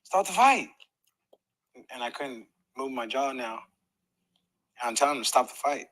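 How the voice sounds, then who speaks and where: A man's voice: mid-range voice, steady tone, fairly quick, a loud crowd, low-quality recording. A middle-aged man, a professional boxer, telling a story in a podcast interview, acting out moments with sound effects and laughter.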